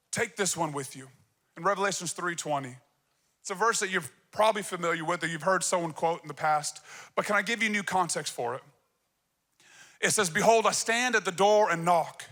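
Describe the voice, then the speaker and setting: High, bright-voiced preaching pastor. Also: male voice, moderate pace, pauses often. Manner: energetic, emphatic preaching. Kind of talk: sermon. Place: church stage.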